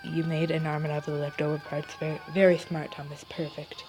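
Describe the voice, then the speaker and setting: A woman voices a scheming young man with a robot arm, low in pitch. She keeps her own voice and reads with small stumbles and restarts, flat and even, with clear music playing behind. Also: a little fast. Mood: smug. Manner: read aloud, with stumbles and restarts. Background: background music.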